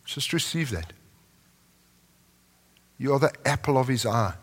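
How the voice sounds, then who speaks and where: A man preaching a sermon in a large church hall, moving between impassioned lines and soft, prayerful tones. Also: medium pitch, animated, unhurried, husky. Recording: long reverb of a large hall.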